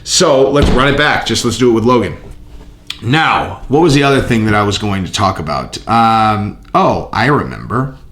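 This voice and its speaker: Male vlog host, animated swearing rambler, lively pitch, roomy recording. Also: normal speed, slight background noise. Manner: profane, excitable, rambling. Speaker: channel host. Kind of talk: casual fight commentary vlog.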